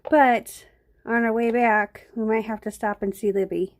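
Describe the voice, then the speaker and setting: A woman's voice: fairly high pitch, fairly even intonation, unhurried, slight background noise. A middle-aged woman hosting a live painting stream, chatting casually and rambling to viewers while she works, with hiccups. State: has hiccups. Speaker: live-stream craft host.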